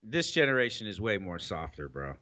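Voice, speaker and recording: A man's voice: fairly low pitch, sing-song, brisk, sharp tone. A man co-hosting a podcast, talking in a rambling, streetwise way with frequent "you know what I'm saying" asides. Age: older than co-host. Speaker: podcast co-host. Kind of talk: casual podcast chat.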